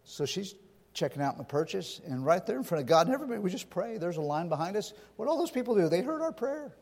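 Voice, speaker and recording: A man from California preaches to a church crowd, his voice sitting high and carrying a long hall echo. He moves between homely stories and pointed rhetorical questions. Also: big pitch swings, fast, a little mellow. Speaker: pastor. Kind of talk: sermon.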